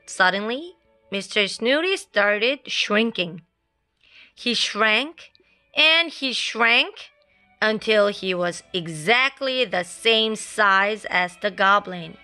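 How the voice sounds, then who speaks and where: A woman reading a children's picture book aloud, slow, expressive and lilting. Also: mid-range voice. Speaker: storyteller. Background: soft classical music.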